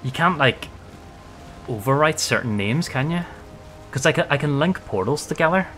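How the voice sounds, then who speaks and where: A man's voice: on the high side, lively intonation, normal speed, fairly bright tone, faint music behind. A man streaming a game, giving casual gameplay commentary, playful, swearing often and laughing a lot.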